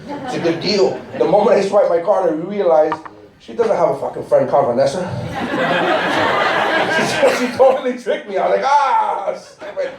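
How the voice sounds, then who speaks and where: A man in his thirties doing a live stand-up set on a cruise ship stage, animated, tossing "right?" to the crowd. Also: high voice, normal speed, vocal fry. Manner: animated, rhetorical "right?" asides. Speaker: stand-up comedian. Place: cruise ship theater, audience laughing. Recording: echoey theater from far off. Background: crowd laughter.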